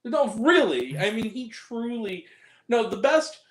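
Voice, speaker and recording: A man hosting a casual film review chat, animated and profane, quick to laugh and shout. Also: very high-pitched, echoey room. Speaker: podcast host.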